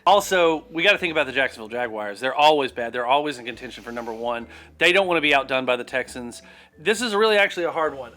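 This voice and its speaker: A man's voice: mid-range voice, lively intonation, quick pace, sharp tone. A man co-hosting a comedic sports betting show, making picks in jokey, crude banter.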